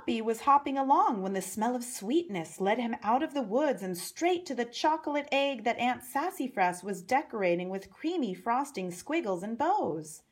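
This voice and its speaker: A woman reading a picture book aloud to young children, gently pointing out the pictures. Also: on the high side, animated, normal speed, few pauses, slightly rough. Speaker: storyteller.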